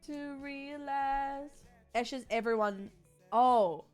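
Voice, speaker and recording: A woman's voice: high-pitched, takes it slowly, darkish tone, soft background music. A woman streamer chatting casually while she plays, rambling and frank, swearing freely with lots of fillers. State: sore body.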